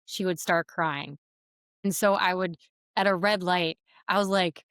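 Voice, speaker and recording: A woman in her thirties hosts a casual talk, expressive and quick to laugh. Her voice is smooth and clear at a middle pitch, recorded dry and close. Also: no echo. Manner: expressive, laughs a lot, acts out quotes. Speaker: podcast host. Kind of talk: casual conversational interview.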